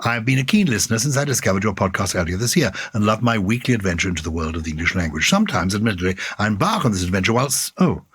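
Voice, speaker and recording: A man's voice: lowish voice, animated, very fast, hardly any pauses, fairly bright tone, a little hiss or hum. An older man co-hosting a podcast, reading out listener letters in a playful, theatrical way. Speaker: podcast co-host.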